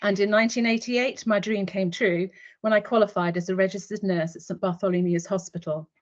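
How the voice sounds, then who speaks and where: A woman's voice: medium pitch, steady tone, brisk. A woman in her fifties, a retired military nurse, telling a vivid story in the second person as a guest speaker in an online webinar. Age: 50s. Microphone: video call. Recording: dull lo-fi online call audio.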